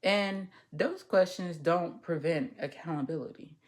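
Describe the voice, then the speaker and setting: A woman's voice: lowish voice, a little slow. Candid, rambling woman podcast host. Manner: candid, rambling, profane, stumbles over words. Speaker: social worker. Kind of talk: casual commentary podcast.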